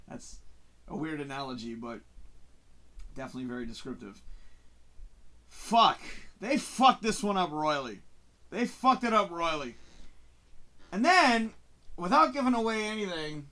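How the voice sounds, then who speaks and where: A man hosting a casual live-stream show, reviewing a movie in an excitable, profane way and acting out his own reactions. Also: fairly high pitch, measured pace, long pauses. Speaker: host.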